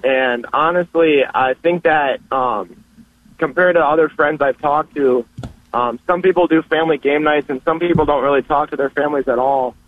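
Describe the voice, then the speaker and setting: The caller is a man in his early twenties whose voice is a little high and whose pace is normal. Heard through a tinny phone line in a casual call-in chat, he speaks earnestly about faith and family, often restarting his sentences.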